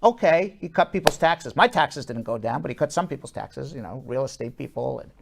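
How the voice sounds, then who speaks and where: A man hosting a talk show, giving casual political commentary in animated, fast bursts with lots of fillers. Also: mid-range voice, gravelly, noisy background.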